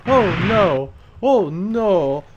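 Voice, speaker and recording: A man putting on a cranky old man's voice, yelling in panic. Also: high-pitched, big pitch swings, extremely slow, highs cut off, background noise, pitched above the performer's own voice, exaggerated voice. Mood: frantic. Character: cranky old man chasing his stolen car.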